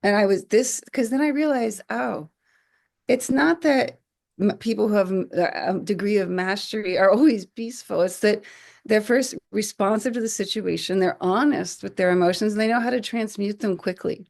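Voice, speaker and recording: A woman in her forties, a podcast guest, telling stories in an animated way, acting out quotes and often restarting her phrases. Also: mid-range voice, moderate pace, gravelly. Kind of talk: conversational podcast storytelling.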